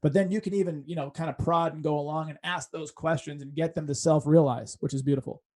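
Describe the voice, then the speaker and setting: Man, podcast host, casual, a little higher voice. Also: steady tone, fast, a little mellow. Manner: casual, uses fillers and restarts while forming questions. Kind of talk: casual interview chat.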